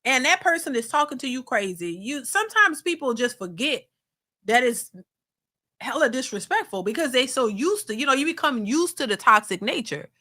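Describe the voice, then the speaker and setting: A middle-aged woman talks in a loose, rambling way, full of fillers and restarts. Her voice sits a little high and sounds bright. She hosts a reaction channel and chats casually as she reads out comments from her viewers. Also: very animated, normal speed. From New Orleans, USA. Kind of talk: casual commentary reading live chat.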